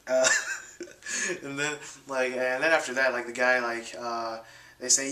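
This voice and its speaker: A man's voice: mid-range voice, flat delivery, a little slow, pauses often, pushed and bright, reverberant. A young man telling a story casually to his viewers, full of fillers and restarts, acting out quotes in a raised voice. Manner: rambling, many fillers and restarts. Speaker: vlogger.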